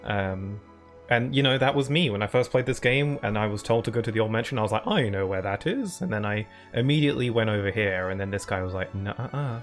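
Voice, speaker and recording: A man's voice: lowish voice, fast talker. A man giving rambling, chatty live-stream commentary while he plays, often laughing at himself. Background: faint game music.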